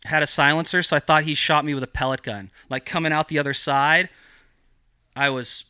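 A man's voice: a little high, steady tone, fairly quick, bright, forceful tone, clean tone, no echo, studio quality. A man guesting on a podcast, telling a story in casual style with heavy swearing and lots of rambling filler. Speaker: podcast guest, cannabis grower.

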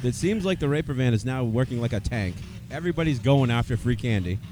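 A man's voice: mid-range voice, expressive, fast talker, noisy background. A man giving casual, crude, joking play-by-play commentary outdoors at a demolition derby. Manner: crude, joking, eats while talking.

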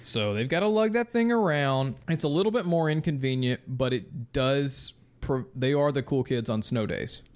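A young man co-hosting a podcast in casual chat, delivering absurd jokes deadpan. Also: mid-range voice, normal speed, few pauses. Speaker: podcast co-host.

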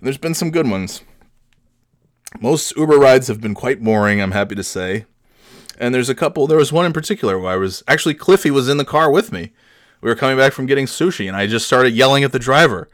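A man's voice: medium pitch, expressive, a little fast, no echo. A young man hosting a podcast, telling rambling, profane stories with self-deprecating humor on a studio mic. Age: young adult. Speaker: podcast host. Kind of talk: casual storytelling.

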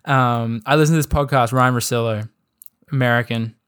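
A man's voice: mid-range voice, fairly even intonation, normal speed, fairly bright tone, clear, resonant tone. Chatty Australian man rambling about sport. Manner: rambling, filler-heavy with frequent "like" and "um". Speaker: podcast host. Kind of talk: casual sports chat.

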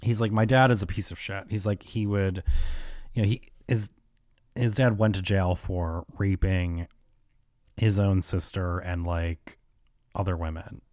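A man's voice: sits low, flat delivery, measured pace, a little mellow, no room sound, clean studio sound. A young man hosting a solo podcast, telling stories in a chatty, profane way full of fillers and restarts. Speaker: podcast host. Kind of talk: casual solo podcast chat.

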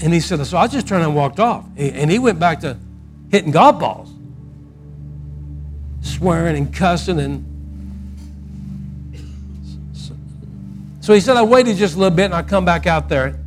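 A man preaching a sermon and telling a story, swinging from loud quoted outbursts to a soft, quiet close. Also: on the high side, lively intonation, moderate pace, long pauses, faint music behind.

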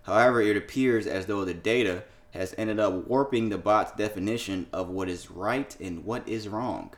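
With a fairly low voice at normal speed, a young man co-hosts a podcast, keeping the casual conversation loose while he swears, laughs and reads out headlines.

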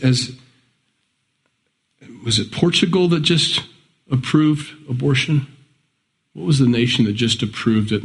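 Conversational male pastor preaching. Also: creaky. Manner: conversational preaching that rises in pitch for emphatic quoted pleas. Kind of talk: sermon.

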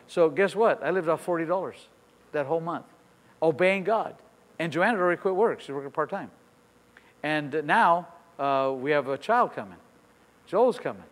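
An older male pastor preaches with a fairly high voice, telling his story by acting out the other people's lines. He repeats phrases and swings from quiet asides up to loud declarations. His voice rings out through a hall with long reverb. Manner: animated, acts out dialogue, repeats phrases, builds to shouts. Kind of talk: sermon storytelling.

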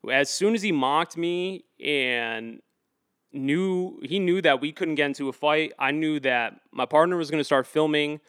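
A man's voice: fairly high pitch, a little slow, a bit bright, clear, resonant tone, no echo. A man telling a story in an interview, rambling with lots of fillers and restarts, and getting heated and emphatic as he goes. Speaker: activist guest.

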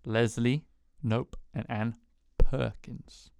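A man co-hosting a podcast, chatting in a relaxed, easygoing way about TV friendships. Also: medium pitch, slow pace, gravelly, no room sound, studio quality. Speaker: podcast co-host. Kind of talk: casual chat about TV shows.

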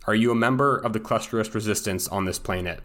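A gruff, blunt soldier interrogator put on by a man with a lowish voice. He talks in a casual, clipped military way, as in a spoken tabletop game. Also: fast, fairly bright tone, close to an everyday voice. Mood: brusque.

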